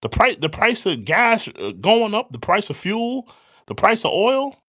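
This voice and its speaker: This commentary stream host is a man whose high, lively voice leaps in pitch, though his pace stays measured. His loose, animated delivery feels like a rant to his chat, full of repetition and mock-singing.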